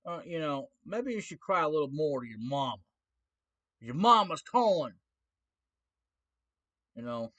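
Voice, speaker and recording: A man's voice: fairly high pitch, lively intonation, measured pace, long pauses, pushed and bright. Sarcastic man ranting on a stream. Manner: sarcastic, defiant, mocking. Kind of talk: casual ranting stream chat.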